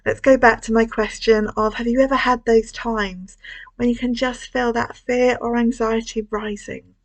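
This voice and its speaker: A woman leading a school collective worship, telling a story to children in a gentle, expressive way with hushed moments. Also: a little high, normal speed, poor audio. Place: church.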